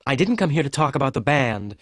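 A man's voice: medium pitch, normal speed, dry recording, studio quality, close to an everyday voice. A man reading an audiobook voicing a young blonde woman who speaks curtly and coldly to a hired detective. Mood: cold, sharp. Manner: curt, icy delivery. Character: young blonde woman client, sharp and cold. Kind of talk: audiobook reading for English learners.

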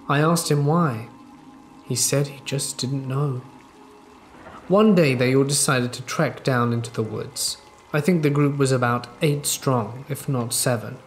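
A man narrating true scary stories in a calm, measured storytelling way. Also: mid-range voice. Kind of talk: scripted narration. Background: faint rain ambience.

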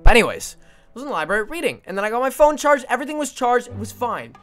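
A young man streaming, telling a story to his chat in a casual, animated way, swearing and using lots of fillers. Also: extremely high pitch, quick pace, faint music behind. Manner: animated, swearing, frequent fillers, breaks into laughter.

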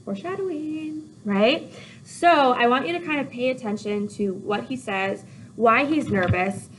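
Chatty, animated woman teacher. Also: on the high side, measured pace, a little hiss or hum, rough recording. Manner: chatty, animated, with many "like"s and "okay?"s. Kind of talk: casual video lesson.

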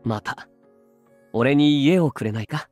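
An actor voicing an easygoing, protective young man who gently teases his girlfriend in a game's dub dialogue. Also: medium pitch, normal speed, no room sound, soft background music, lightly acted. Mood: tender. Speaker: game character voice. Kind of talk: Japanese dub game dialogue.

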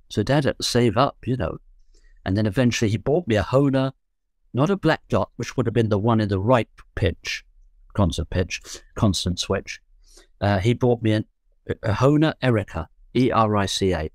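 A man's voice: fairly low pitch, expressive, normal speed, dry recording, studio quality. A man in his seventies from London, a guest musician recalling his youth in rambling, self-correcting, joking talk. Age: 70s. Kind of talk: relaxed storytelling.

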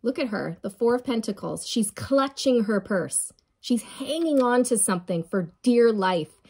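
A woman's voice: medium pitch, a little slow, a little mellow, husky. A woman giving a channeled tarot reading, emphatic and encouraging, often repeating phrases and checking in with "okay?" and "right?". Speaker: tarot reader.

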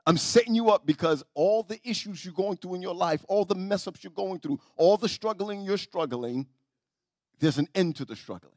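A man pastor preaching a sermon in a church, telling stories, often repeating and restarting words, and swinging between soft and loud. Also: sits high, expressive, moderate pace, dry recording, studio quality. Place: church sanctuary.

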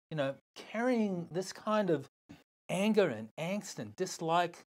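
Animated older Australian man telling stories. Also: high voice, unhurried. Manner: animated, swearing, acts out other voices. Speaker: guest. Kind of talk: storytelling in a podcast interview.

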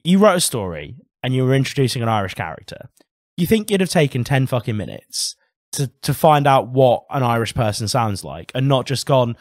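A man's voice: medium pitch, very animated, brisk, dry recording, clean studio sound. A man co-hosting a casual podcast, articulate and literary, sliding into heated, swearing rants. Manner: heated ranting with frequent swearing; articulate, literary turns of phrase. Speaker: podcast co-host.

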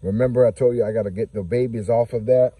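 A man's voice: mid-range voice, steady tone, fast talker, mellow, breathy edge. A man giving a casual, chatty walking tour of his garden plants outdoors, talking straight to his viewers. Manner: chatty, talks to viewers and scolds his ducks. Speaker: homestead vlogger. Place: outdoors in a yard.

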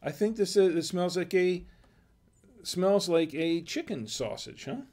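Gravelly man musing through a wine tasting. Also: sits high, animated, measured pace, a little mellow. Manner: musing aloud, hesitant and chatty. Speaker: wine review show host. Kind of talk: casual tasting livestream.

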